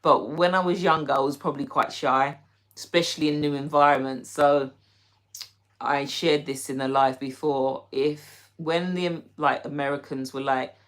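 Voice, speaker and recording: A woman's voice: low-pitched, fairly even intonation, normal speed. Chatty British woman on a livestream. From Britain. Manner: chatty, giggly, answers viewers by name. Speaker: livestream host reading chat. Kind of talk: casual live chat.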